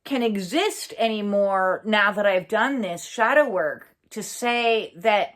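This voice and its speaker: A woman giving an earnest, reflective personal monologue for her own channel. She pauses often, fills gaps with "uh" and swears bluntly for emphasis. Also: mid-range voice, a bit bright. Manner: earnest, halting, many fillers and pauses. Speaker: spiritual channel host.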